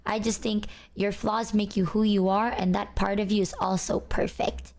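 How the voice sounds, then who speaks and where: Relaxed low-key young woman chatting. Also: moderate pace, creaky. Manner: relaxed, low-energy off-stream voice. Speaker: streamer. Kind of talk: casual chat.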